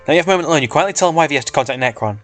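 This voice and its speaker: A man's voice: on the high side, expressive, rapid-fire, a bit bright, soft background music. A man casually reading a fan comic aloud, swearing and stumbling over words. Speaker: reader.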